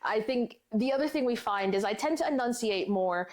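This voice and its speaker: Chatty American woman, animated and talkative. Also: on the high side, normal speed. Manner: chatty, animated, many restarts and fillers. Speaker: audiobook narrator and guest. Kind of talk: casual interview chat.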